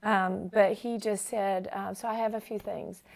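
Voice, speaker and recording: A woman hosting a Christian talk show interview becomes tearful and emotional as she honors her guest. Her medium-pitched voice is gravelly, unhurried, and shows little pitch movement.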